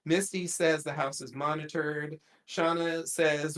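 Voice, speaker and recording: A podcast host talks through a TV episode at an unhurried, drawn-out pace, circling back with fillers and side comments. The delivery is loose and conversational, a casual recap among friends. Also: medium pitch, steady tone, a bit bright. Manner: rambling, many fillers and trailing asides.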